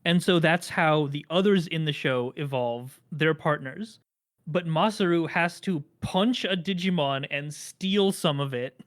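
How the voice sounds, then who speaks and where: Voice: medium pitch, unhurried. A podcast host chatting casually, rambling through explanations with dry jokes.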